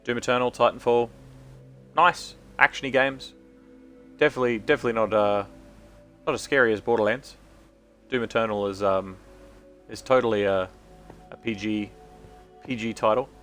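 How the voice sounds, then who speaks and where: A man's voice: fairly low pitch, fairly bright tone, soft background music. Rambling Australian man streaming. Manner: rambling, halting, many ums and restarts. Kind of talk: casual live-stream chat while gaming.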